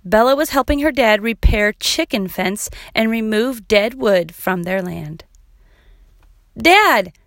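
A woman narrating a children's chapter book, reading clearly and evenly. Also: medium pitch, a little slow, hardly any pauses, no room sound, clean studio sound. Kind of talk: storybook read-aloud.

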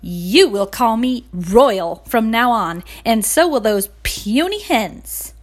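A woman voicing a vain, bossy male rooster in a storybook, loud and commanding. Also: high-pitched, big pitch swings, a little slow, full character voice. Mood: haughty.

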